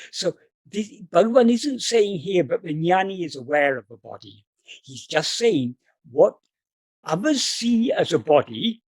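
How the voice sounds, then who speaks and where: A man who is a spiritual teacher, explaining scripture verse by verse over a video call in a careful, methodical way and rephrasing points to make them clear. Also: high-pitched, darkish tone, no room sound. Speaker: spiritual teacher answering questions.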